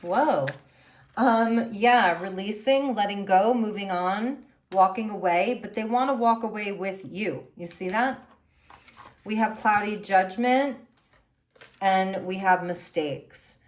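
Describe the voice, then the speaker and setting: A woman's voice: medium pitch, slow. A woman doing a tarot reading, musing and thinking aloud as she turns over the cards. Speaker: tarot reader.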